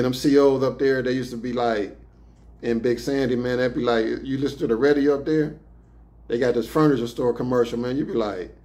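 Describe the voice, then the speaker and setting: A man's voice: mid-range voice, darkish tone. Man telling prison stories in slang. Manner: loose, profane, streetwise slang. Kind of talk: casual storytelling.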